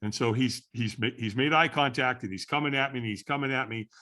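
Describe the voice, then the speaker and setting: A middle-aged man, a podcast guest, tells a story with animated repetition. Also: medium pitch, fast. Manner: animated storyteller who repeats phrases for effect. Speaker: podcast guest, firewalking instructor.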